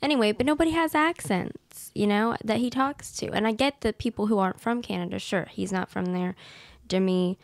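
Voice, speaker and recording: A woman's voice: medium pitch, brisk, dry recording. A woman co-hosting a casual movie review chat, explaining and correcting in a matter-of-fact way. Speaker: podcast co-host.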